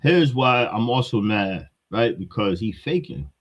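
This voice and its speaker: A man's voice: fairly low pitch, expressive, unhurried, dull audio. Blunt, heated New York man. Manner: blunt and heated, repeats his points. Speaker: commentator. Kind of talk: hip-hop commentary rant.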